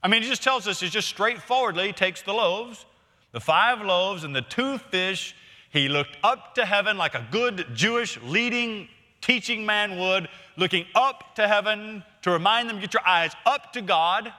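A middle-aged man preaches in a relaxed, storytelling manner, peppering his sermon with questions to the congregation. His voice is sharply bright and sits a little high for a man. The sound carries a long reverb from a church hall. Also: moderate pace. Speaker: pastor.

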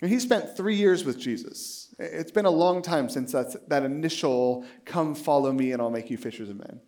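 This sermon comes from a pastor in his late thirties whose voice is a little high and a little mellow, at a moderate pace. He's a lively storyteller who plays both parties in a dialogue and laughs often mid-sentence.

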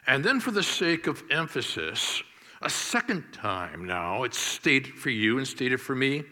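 Slow, emphatic man preaching a sermon. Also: mid-range voice, very animated, pushed and bright, long reverb tail. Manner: deliberate, emphatic preaching with stressed key words. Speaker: pastor.

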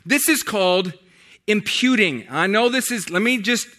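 A man's voice: high voice, expressive, normal speed, sharp tone. A man pastor preaching a sermon, emphatic and repetitive, with many restarts.

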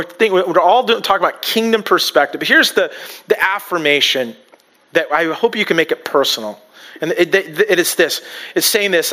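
A middle-aged man preaching a sermon in a conversational, joking way, repeating phrases and slowing down on the lines he wants to land. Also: sits high, sharp tone. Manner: conversational, self-deprecating humor, repeats phrases, draws out key lines slowly. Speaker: pastor.

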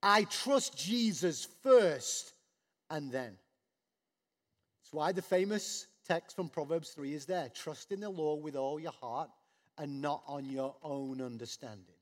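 A man preaching a sermon, animated, dropping low and soft then rising loud when acting out the people in the story. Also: normal speed. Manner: animated, swings from soft to loud acted quotes. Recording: long hall reverb.

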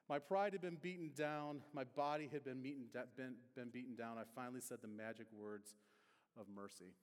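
A man, preaching a sermon in a relaxed, conversational way and telling a personal story with humor. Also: fairly high pitch. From Detroit area, USA. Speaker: pastor. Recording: reverberant hall.

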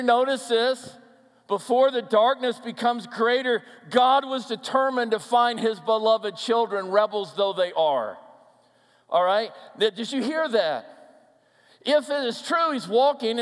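High-voiced pastor preaching in a hall. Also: male voice, smooth. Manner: emphatic, with soft hushed passages. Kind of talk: sermon. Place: large church hall. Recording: long hall reverb.

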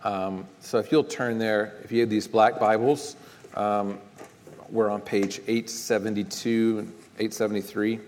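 A man with a Texan accent preaching a conversational sermon as pastor, relaxed and searching for his words. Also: on the low side, a little slow, slight background noise. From Texas. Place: church sanctuary. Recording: long reverb of a large church.

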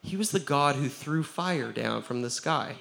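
A man, a pastor giving a lively sermon, acting out the quotes he tells and laughing often. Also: medium pitch, unhurried, gravelly, slight background noise.

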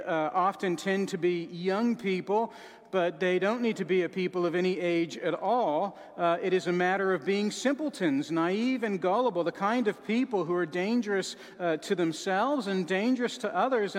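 A man preaching a sermon with dramatic swings, dropping to a soft sorrowful voice and rising to shouts. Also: high voice, normal speed, long reverb tail.

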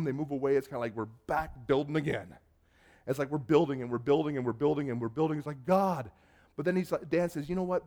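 A male pastor preaching a sermon and telling personal stories, animated and swinging between loud bursts and hushed asides. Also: mid-range voice.

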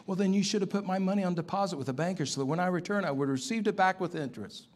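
Preacher man doing a commanding master, voice a bit high. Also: very fast, a little mellow. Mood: stern. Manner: commanding, rebuking. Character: stern master settling accounts, male.

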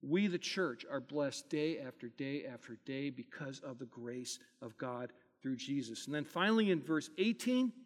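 A pastor delivers a sermon in an earnest, high-pitched voice. He swells loud on key phrases, then falls quiet between them. The sound carries a long hall reverb.

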